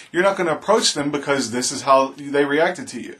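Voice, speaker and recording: A man's voice: mid-range voice, animated, a little fast, a bit bright. A man vlogging his opinion in an impassioned, preachy monologue, repeating his appeals to the viewer. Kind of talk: earnest opinion monologue to camera.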